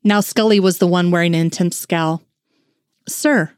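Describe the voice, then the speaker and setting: A woman reading fan fiction aloud in a steady storytelling narration. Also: fairly low pitch, brisk, smooth, dry recording, clean studio sound.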